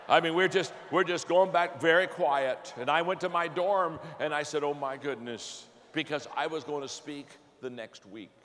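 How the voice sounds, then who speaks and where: Folksy preacher telling a story in a hall. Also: male voice, fairly high pitch, slight background noise. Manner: folksy, self-deprecating, animated storytelling with repeated restarts. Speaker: pastor. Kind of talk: storytelling sermon.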